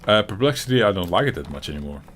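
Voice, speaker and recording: Dutch-accented male co-host, slightly low voice, loose rambling chat full of chuckles, typing and noise in the background. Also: big pitch swings, very fast, a bit bright. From Netherlands. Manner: rambling and chuckly, with frequent restarts and swearing. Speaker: co-host of a gaming chat show. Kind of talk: casual chat.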